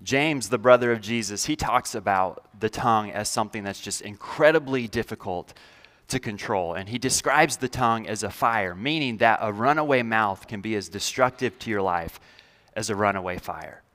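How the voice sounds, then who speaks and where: A man's voice: lowish voice, normal speed, fairly bright tone, long reverb tail. A man leading a church message in a loose, conversational way, with many fillers and self-deprecating humor. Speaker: pastor. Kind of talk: sermon. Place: large church hall.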